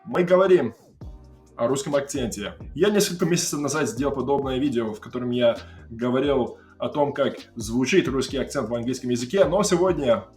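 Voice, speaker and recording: An American man hosting a relaxed conversation, laughing often as he talks. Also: mid-range voice, quick pace, echoey room, faint music behind. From USA. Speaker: host. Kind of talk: casual chat.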